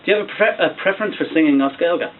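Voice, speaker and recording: A man's voice: on the high side, racing, narrow, tinny audio, slight background noise. A man asking questions in a casual interview, chatty and full of short agreements. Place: back office of a record shop.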